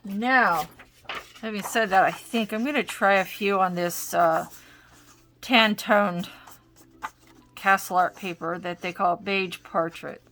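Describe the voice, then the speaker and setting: Trying crayons at her craft desk at home, this art supplies video host rambles through a casual demo, chatty and often cutting herself off. Her mid-range voice is fairly bright, and she takes it slowly with frequent pauses.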